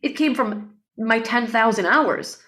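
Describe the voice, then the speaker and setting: A middle-aged woman, a breathwork facilitator, telling personal stories in an emotional, animated way with many fillers. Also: on the high side, measured pace. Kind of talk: casual interview storytelling.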